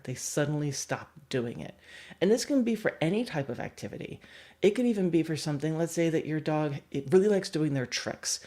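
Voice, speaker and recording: Woman, young adult, dog trainer, livestream lesson, animated, low-pitched, wide-ranging intonation. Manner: animated, acts out examples with voices.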